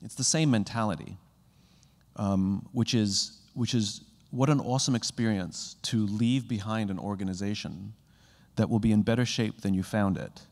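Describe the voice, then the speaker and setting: A man giving a motivational keynote talk to a live audience. He is animated and acts out little conversations, jumping up in pitch as he does. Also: normal speed. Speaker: keynote speaker. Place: conference hall with a live audience. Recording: long hall reverb.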